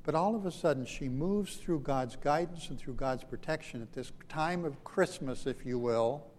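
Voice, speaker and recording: A man's voice: on the high side, darkish tone, in a large hall, slight background noise. A man preaching a sermon as pastor, with dramatic emphasis that swells and drops, stretching out key phrases. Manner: dramatic, rising and falling emphasis with slowed phrases.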